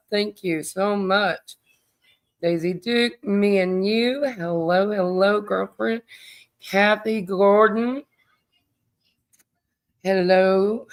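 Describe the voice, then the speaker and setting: A woman hosts a casual true crime livestream and talks slowly and easily, taking her time. Her voice is smooth and clear. She sounds tired and rambles as she chats with viewers and greets them by name. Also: mid-range voice, fairly bright tone.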